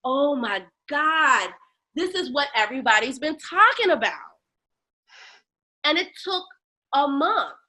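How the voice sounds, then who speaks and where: A woman, telling a personal story candidly in an interview, animated and acting out other people's voices, dropping low and quiet on painful memories. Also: measured pace, long pauses. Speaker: guest, lactation educator.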